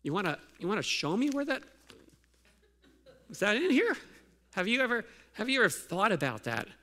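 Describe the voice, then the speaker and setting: A man's voice: high-pitched, very animated, normal speed, bright, forceful tone. A male pastor giving a sermon in a conversational way, asking the congregation many questions and restarting his sentences.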